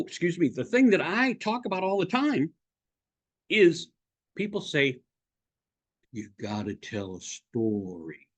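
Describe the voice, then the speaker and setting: Middle-aged male speaking coach, husky and lively, punchy and emphatic, fond of direct questions. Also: fairly high pitch. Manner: animated, emphatic, asks the viewer questions. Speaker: presentation coach. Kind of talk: direct-to-camera advice talk.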